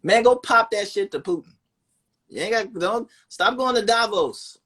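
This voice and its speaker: A man hosting a livestream, ranting in an animated, profane and sarcastic way, talking into a phone. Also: high voice, normal speed. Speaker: livestream host. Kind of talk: casual livestream rant.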